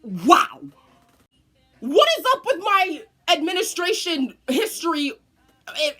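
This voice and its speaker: A young woman recounts a story in a bright, lively voice, swearing freely and dramatizing as she goes. Her pitch leaps around as she tells it. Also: slow pace. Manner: animated, profane, dramatic storyteller. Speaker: vlogger. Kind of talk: casual storytime vlog.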